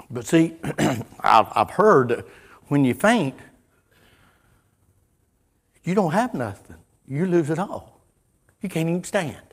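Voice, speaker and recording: Folksy preacher, swinging loud and soft. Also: male voice, fairly high pitch, husky. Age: middle-aged. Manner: folksy, storytelling, wide swings from hushed to loud. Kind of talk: sermon.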